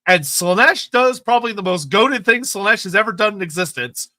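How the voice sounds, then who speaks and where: A man's voice: sits high, lively intonation, brisk, pushed and bright. A man co-hosting a podcast, talking lore enthusiastically and bluntly, with casual swearing. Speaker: podcast co-host.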